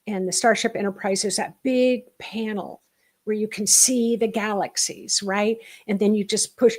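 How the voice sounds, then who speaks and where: A middle-aged woman leads a spiritual workshop over a live stream, her voice sitting at an ordinary middle pitch. She teaches in an animated, emphatic way, rushing through some phrases and stretching others into soft, hushed asides.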